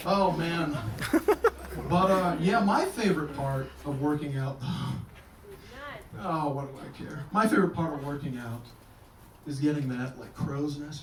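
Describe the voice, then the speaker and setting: A man's voice: fairly high pitch, moderate pace, noisy background. Man in his twenties doing crude stand-up. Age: 20s. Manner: crude, self-deprecating storytelling. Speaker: stand-up comedian. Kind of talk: stand-up comedy set. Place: small live music venue, on stage. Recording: roomy live club recording from a distance. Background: loud audience laughter.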